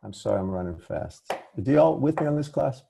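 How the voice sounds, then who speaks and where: A man's voice: medium pitch, animated, moderate pace, vocal fry, warm tone, a little hiss or hum. A man lecturing over a video call, often stopping to correct himself and apologize. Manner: apologetic, restarts and self-corrections. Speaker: professor. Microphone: computer mic on a video call.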